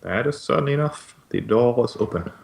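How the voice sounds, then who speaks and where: A young man narrating a tabletop game as game master, in a relaxed, matter-of-fact way with some hesitant restarts. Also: medium pitch, moderate pace, vocal fry.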